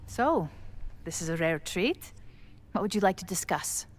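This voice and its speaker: A woman's voice: on the low side, expressive, unhurried. A middle-aged woman playing a cold, composed woman in authority who speaks in a curt, dismissive way in a video game.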